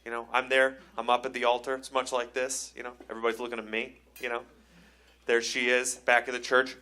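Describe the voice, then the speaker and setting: A man from Cleveland, Ohio, doing a live stand-up set on a comedy club stage, telling wry, self-deprecating stories that build into excited rants. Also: mid-range voice. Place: comedy club stage before a laughing audience.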